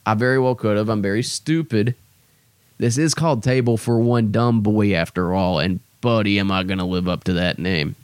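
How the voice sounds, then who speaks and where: A man's voice: fairly low pitch, normal speed, smooth, no echo, clean studio sound. A young man hosting his own podcast, rambling in a casual, self-deprecating way with lots of fillers. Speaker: podcast host. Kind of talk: casual solo podcast chat.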